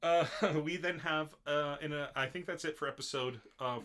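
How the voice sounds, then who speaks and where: Man, bright forceful voice, casual podcast chat, rambling, lots of fillers. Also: a little high, moderate pace. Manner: rambling, full of fillers and restarts. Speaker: podcast co-host. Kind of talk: casual chat recapping an anime.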